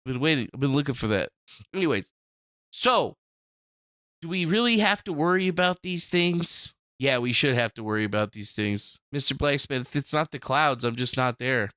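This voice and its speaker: A man hosting a live stream, chatting casually and rambling, with profane loud outbursts and mumbled asides to the chat. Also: on the high side, animated, normal speed, no echo, studio quality. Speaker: livestream host.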